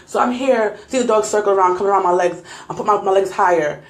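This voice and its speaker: A woman's voice: mid-range voice, fast talker, echoey room. A young adult woman vlogger, shaken and laughing nervously, retelling a scary night to her viewers on a phone. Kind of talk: casual storytelling to viewers.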